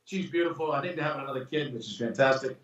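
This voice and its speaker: Heard on a muffled, roomy recording far from the mic, this man speaks very fast at medium pitch. He's a screenwriter and producer guest discussing his screenwriting, spinning casual, animated stories and performing the quoted voices.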